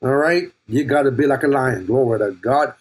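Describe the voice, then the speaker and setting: A man's voice: medium pitch, moderate pace. An older man preaching a sermon as pastor, playful and jokey, calling out to his listeners by name and asking if they are listening. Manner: playful, jokey preaching with laughs and call-outs to the congregation.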